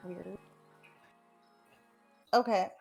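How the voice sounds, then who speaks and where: A woman's voice: medium pitch, drawn-out words, creaky, a little mellow, slightly rough, faint music behind. A woman player in casual chat during a tabletop game, breezy and a bit flustered.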